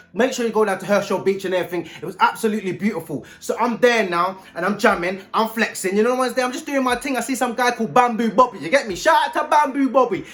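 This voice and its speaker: A man telling a story to camera in animated, slang-heavy casual chat. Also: sits high. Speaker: vlogger.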